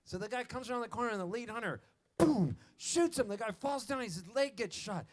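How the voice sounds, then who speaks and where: A man's voice: very high-pitched, fairly quick. A man from Canada, a singer-songwriter, chatting and telling a rambling joke to a live festival crowd, laughing at his own punchlines. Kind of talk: on-stage banter and storytelling. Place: outdoor festival stage. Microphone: stage vocal mic on the soundboard. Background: a band softly playing.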